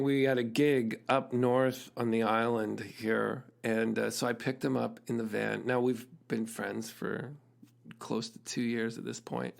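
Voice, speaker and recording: A man's voice: mid-range voice, gravelly. A middle-aged man, a musician hosting his own show, telling a story in an earnest, reflective way, often laughing and restarting his sentences. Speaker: musician and podcast host.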